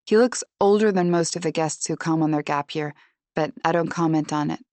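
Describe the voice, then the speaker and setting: Woman, lower voice, first-person audiobook narration, dry close recording. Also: brisk, darkish tone, dry recording.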